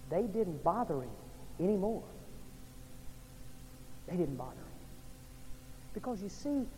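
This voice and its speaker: A man from Oklahoma or Texas, a pastor preaching an evening sermon in a church, swinging between loud and hushed delivery. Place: church sanctuary. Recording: long reverb in a large hall, faint rumble.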